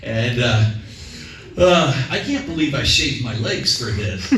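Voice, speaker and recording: A man's voice: medium pitch, lively intonation, slow pace, heavy background noise. A man doing a stand-up set, rambling and self-deprecating with many fillers, on a comedy club stage. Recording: echoey club from far off.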